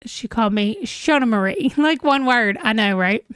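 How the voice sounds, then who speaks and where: Woman, 30s, livestream host at home; giggly, conversational, slightly high voice, dry close sound. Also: moderate pace, a bit bright, clear, resonant tone, dry recording. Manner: chatty and giggly, reacting to viewer comments. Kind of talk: casual livestream chat reading comments. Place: home room, holding a pet.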